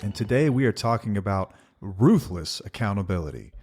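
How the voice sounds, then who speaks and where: A man's voice: on the low side, animated, moderate pace, hardly any pauses, over music. Guy in his 40s, podcast host, voice jumps all over, a bit sarcastic. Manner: sarcastic, emphatic storytelling. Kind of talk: casual podcast chat.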